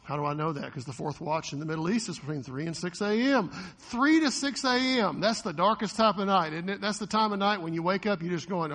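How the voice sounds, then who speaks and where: A man preaching a sermon as a pastor, animated, often acting out the voices of the people in the story. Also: high-pitched, brisk, few pauses, in a large hall.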